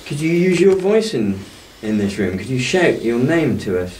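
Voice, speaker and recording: A man's voice: mid-range voice, very animated, normal speed, a little mellow. Man politely questioning spirits in echo. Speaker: paranormal investigator. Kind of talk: ghost-hunt calling out. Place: old castle ruin at night. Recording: echoey stone room from far off, faint noise.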